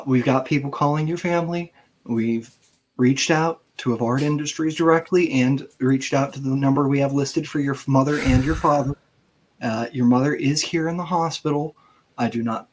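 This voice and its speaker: A man playing a calm male paramedic who speaks in a soothing, businesslike way. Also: medium pitch, moderate pace, close to an everyday voice. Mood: reassuring.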